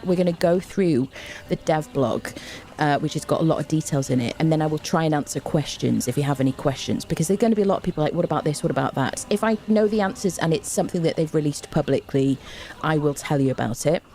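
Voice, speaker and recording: A woman's voice: deep voice, quick pace, warm tone, slight background noise. A woman chatting on a live stream from home into a desk microphone, bubbly and overexcited, rambling eagerly to her viewers. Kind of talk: casual live stream chat.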